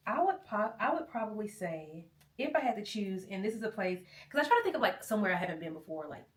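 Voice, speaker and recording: A woman's voice: medium pitch, big pitch swings, fast, recorded from a distance. A woman, hosting a vlog in a chatty, playful way and laughing often. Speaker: vlog host. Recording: roomy, from off the mic.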